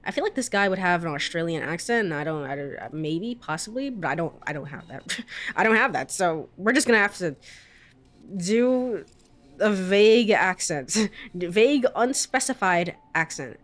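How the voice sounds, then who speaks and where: A woman's voice: lowish voice, expressive, moderate pace. Chatty woman streaming a game. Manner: chatty, laughs often, trails off. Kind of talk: casual let's-play commentary.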